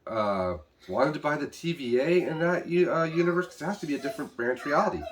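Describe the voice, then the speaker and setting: A man casually recapping an episode, rambling with restarts and quickly paraphrasing what the characters say. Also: on the high side, animated, slight background noise. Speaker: show reviewer.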